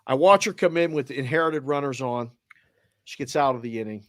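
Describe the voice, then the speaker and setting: A man's voice: medium pitch, a little fast, no echo, clean studio sound. A middle-aged man with a Boston accent, a sports betting show host, animatedly telling a heartfelt family story with quoted voices. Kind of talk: casual storytelling.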